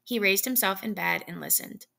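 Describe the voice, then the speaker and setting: A woman reading a classic short story aloud in a measured storytelling manner. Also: medium pitch, creaky, sharp tone. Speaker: reader.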